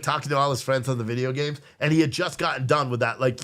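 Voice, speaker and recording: A man's voice: mid-range voice, fairly even intonation, fast, hardly any pauses, a bit bright. Rambling, profane podcast host man. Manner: rambling, profane, restarts and acts out family dialogue. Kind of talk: casual storytelling on a live stream.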